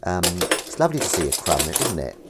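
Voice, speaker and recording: A man's voice: low voice, big pitch swings, a little fast. An English man hosting a casual livestream, reading viewers' messages aloud and joking in a playful, rambling way. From England. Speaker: livestream host reading chat. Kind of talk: casual chat while washing up. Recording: dish clatter and noise behind. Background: clattering dishes and cutlery.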